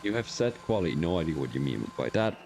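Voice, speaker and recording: Young male streamer, casual race commentator bantering with chat, lower voice, faint background noise. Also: sing-song, quick pace, darkish tone. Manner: casual, joking, chats with viewers while commentating. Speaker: sim racing stream commentator.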